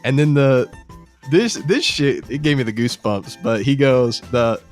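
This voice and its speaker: A young man with an ordinary mid-range voice tells a story in casual podcast chat. He is excited and profane, piling on slang and restarts as he rushes through the plot. Faint music plays behind him. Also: mid-range voice. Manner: excited, profane retelling of a show episode. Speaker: podcast host.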